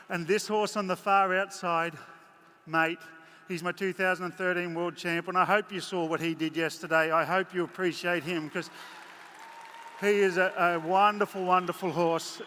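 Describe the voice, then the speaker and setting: His voice sits high, pushed and bright, as this horse clinician works a live training demo in a big arena. He talks in a folksy way and puts on playful voices for the horses, with arena echo and faint crowd noise.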